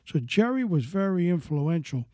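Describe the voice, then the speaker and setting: Mellow-voiced man telling crime history. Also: a little high, big pitch swings, moderate pace, dry recording, studio quality. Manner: speculative, conversational, fond of "of course" asides. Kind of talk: casual storytelling narration.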